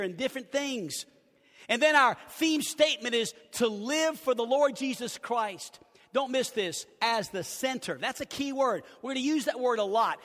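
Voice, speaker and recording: A man's voice: very high voice, moderate pace, fairly bright tone. A man preaching a sermon as pastor, emphatic and repeating his key phrases. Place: church sanctuary. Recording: long church hall reverb.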